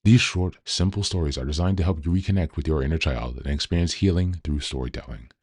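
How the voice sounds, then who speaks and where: Brief: male podcast host, extremely low bass voice, calm measured book reading. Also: breathy edge.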